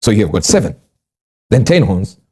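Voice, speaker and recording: A man's voice: on the low side, moderate pace, breathy edge. A man giving a Bible teaching, reading scripture aloud and often checking that his listeners follow. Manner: animated, quizzes listeners often. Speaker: preacher.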